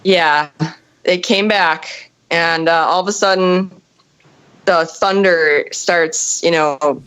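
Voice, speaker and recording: A woman's voice: lowish voice, slow pace, clean tone, poor audio. A woman in her thirties telling a wild story casually, swearing and acting out other people's lines. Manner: animated, swearing, acts out voices. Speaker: guest storyteller.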